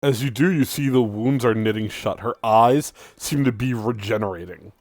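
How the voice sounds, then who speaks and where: A man narrating a tabletop role-playing game as game master, in a deliberate storytelling manner. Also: medium pitch, a little mellow, no echo.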